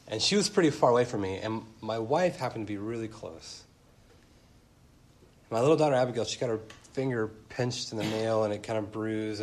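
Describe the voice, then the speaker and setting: Speaking at a fairly low pitch, this thirtysomething pastor preaches a lively sermon in church. He varies his speed and rises to loud, emphatic peaks.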